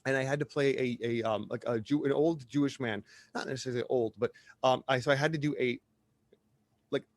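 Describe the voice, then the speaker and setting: A man with a Wisconsin accent chats in an animated, storytelling way. His voice sits at a middle pitch for a man. The sound is dry and close, with no room around it. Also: fairly quick, no echo. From Wisconsin, USA. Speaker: podcast guest. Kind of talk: casual chat.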